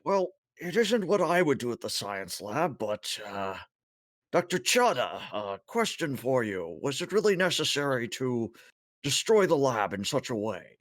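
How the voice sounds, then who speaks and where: A man's voice: mid-range voice, very animated, measured pace, no room sound, studio quality, voice pushed up. A man voicing an earnest six-legged male alien crewman who talks formally and takes things literally. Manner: formal, literal, misses jokes.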